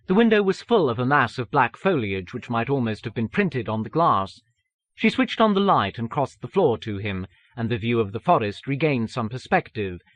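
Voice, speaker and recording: A man reading an audiobook in a measured, even manner. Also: mid-range voice, dry recording. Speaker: audiobook narrator. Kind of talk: scripted narration.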